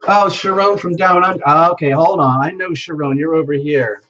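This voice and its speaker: Faint music plays behind a medium-pitched livestream host who talks at normal speed, the highs cut off in the audio. In casual chat, the host excitedly greets viewers by name with lots of exclamations, struggling to keep up with incoming messages.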